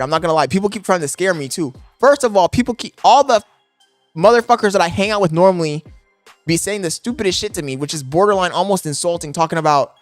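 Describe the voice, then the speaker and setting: A young man streaming live from his apartment, talking loudly and profanely to his chat into a desk microphone, laughing often. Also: high-pitched, lively intonation, fast, no room sound, faint music behind. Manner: loud, yelling into the mic, profane, laughing.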